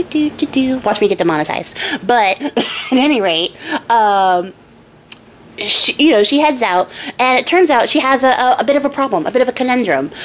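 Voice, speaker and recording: A woman's voice: mid-range voice, slight background noise, poor audio. Chatty young woman retelling a fairy tale. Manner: chatty, jokey asides, frequent fillers. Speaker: storyteller and craft channel host.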